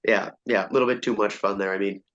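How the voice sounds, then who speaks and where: A man's voice: on the low side, fairly even intonation, fast talker, a bit bright. Chill guy hosting a podcast, kinda rambly, sound's a bit dull and muffled. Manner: laid-back, rambling, self-deprecating. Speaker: podcast host. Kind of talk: casual podcast chat.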